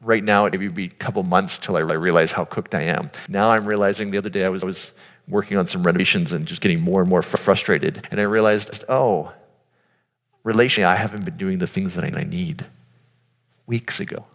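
Gravelly low-voiced man preaching in a hall. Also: fairly quick. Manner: earnest, informal, addresses audience directly. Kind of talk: conversational sermon. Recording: long hall reverb.

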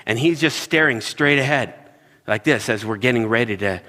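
A middle-aged pastor speaks at normal speed with medium pitch in a large hall. His sermon storytelling is animated, mixing personal stories with acted-out voices of the characters.

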